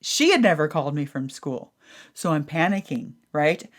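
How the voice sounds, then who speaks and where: A woman hosting a podcast, telling a personal story in an animated, casual way that sometimes includes swearing. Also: low voice, normal speed. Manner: animated, acts out her own thoughts in a raised voice, swears casually. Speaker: podcast host.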